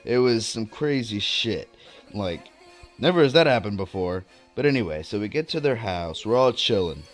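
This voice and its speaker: A man's voice: on the low side, moderate pace, faint music behind. A young man vlogging a casual story, rambling and swearing freely as he tells it. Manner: rambling, profane, animated storytelling.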